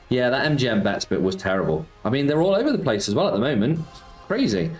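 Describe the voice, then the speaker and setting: Fast and mid-range, with big swings in pitch, this man hosts a casual slots stream and chats with his viewers. He reads out their messages, answers them, and leans on the word "mate." The audio has a roomy echo and music behind it.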